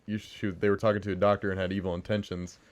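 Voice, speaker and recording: A man's voice: sits low, flat delivery, fast talker. A man co-hosting a movie podcast, enthusiastically pointing out film details in casual talk. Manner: enthusiastic, detail-focused, many fillers. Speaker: podcast co-host. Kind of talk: casual movie review chat.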